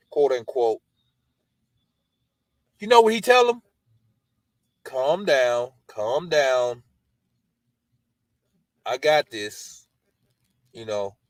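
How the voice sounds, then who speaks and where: A man's voice: on the high side, dry recording, poor audio. A man hosting a podcast, reading scripture aloud and breaking off into loose, colloquial commentary, often adding "man" and "you know" as he talks. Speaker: podcast host.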